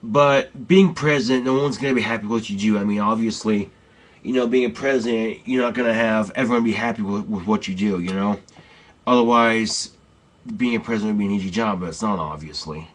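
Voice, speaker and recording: A man's voice: on the low side, brisk. A man ranting bluntly and profanely in a casual, rambling vlog.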